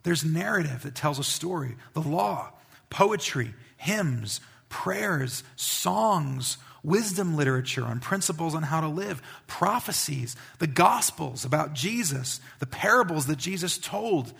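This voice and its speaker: A male pastor giving a conversational sermon, building to emphatic peaks and dropping to quiet asides. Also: on the high side, expressive, a little slow, gravelly, slightly rough.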